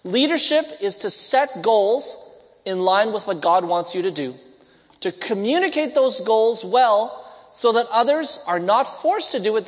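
A man preaching a sermon, telling stories and acting out the voices of the people in them. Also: high voice. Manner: storytelling, acts out quoted voices. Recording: long hall reverb.

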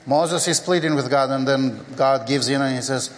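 A medium-pitched preacher works through his sermon slowly and deliberately, often using fillers and performing the scripture dialogues in vivid voices, captured with long hall reverb.

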